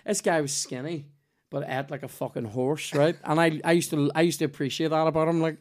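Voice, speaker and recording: A man's voice: fairly high pitch, steady tone, brisk. A man with a Northern Irish accent, hosting a podcast and telling stories in casual, swearing chat. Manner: swearing, storytelling, laughs often. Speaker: podcast host.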